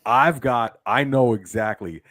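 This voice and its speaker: A man co-hosting a casual livestream chat, talking with lively enthusiasm. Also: medium pitch, a little slow, no room sound. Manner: animated, enthusiastic. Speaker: co-host.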